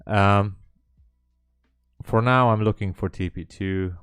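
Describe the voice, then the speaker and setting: A man's voice: on the low side, slow pace, fairly bright tone, clean tone, no room sound, soft background music. A man hosting a live trading stream, chatting casually and hesitantly with viewers in a rambling way. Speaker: livestream trading host.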